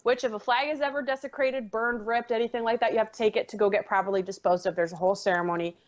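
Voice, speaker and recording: A woman's voice: on the high side, fairly even intonation, fast talker, lo-fi sound. A woman co-hosting a casual podcast, brash and joking, who swings into fired-up rants. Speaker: podcast co-host. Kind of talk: casual podcast banter and rant.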